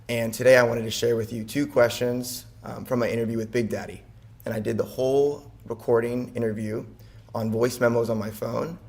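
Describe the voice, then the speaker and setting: A young man, a grandson, giving a plain and gentle funeral speech with a few hesitations. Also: mid-range voice, gravelly.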